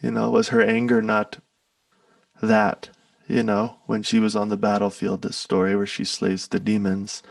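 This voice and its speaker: A man's voice: on the low side, monotone, normal speed, vocal fry, dry recording, recorded from a distance. A man talking as an interview guest in a casual spiritual conversation, telling stories loosely and tagging his lines with "right?" and "you know".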